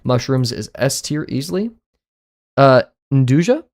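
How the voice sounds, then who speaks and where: A man streaming live, chatting casually and giving blunt, offhand verdicts, often with a quick apology. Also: mid-range voice, very animated, a little mellow.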